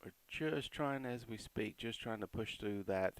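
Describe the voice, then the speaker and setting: A man talks through crypto price charts in a relaxed, chatty way, reeling off support and resistance numbers between quick asides. His voice has a gravelly, fry-edged grain. The recording is dry and close, with no room sound. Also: lowish voice, dry recording. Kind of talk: casual market commentary over charts.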